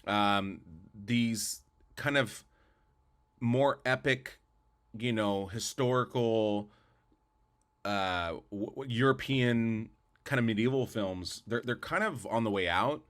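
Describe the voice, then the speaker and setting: Slow-paced and a bit bright, this man's voice sits on the low side. He co-hosts a podcast, giving opinionated, rambling movie-review chat full of restarts and repeated words.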